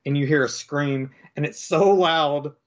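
A man chatting casually as he recaps a comic book, rambling with lots of fillers and slipping into quick character voices. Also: on the high side, lo-fi sound. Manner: rambling, filler-heavy, acts out quoted lines in different voices.

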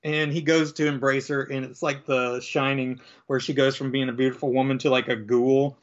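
A man chatting casually as he recaps a comic book, rambling with lots of fillers and slipping into quick character voices. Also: medium pitch, level tone, muffled recording. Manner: rambling, filler-heavy, acts out quoted lines in different voices.

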